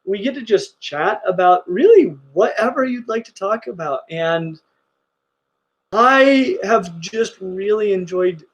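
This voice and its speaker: A man's voice: sits high, animated, slow pace, dull audio. A middle-aged man hosting a casual reptile livestream, gushing enthusiastically about his animals. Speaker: reptile channel host.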